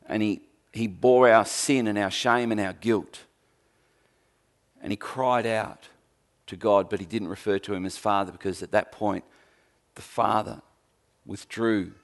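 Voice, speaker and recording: A man preaching a sermon, emphatic with dry humour, swinging from forceful peaks to quiet, low passages. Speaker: pastor.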